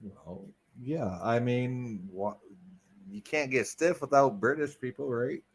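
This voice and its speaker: A man's voice: mid-range voice, slow pace, breathy edge. An American man in casual chat, brash and argumentative, swearing freely. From United States.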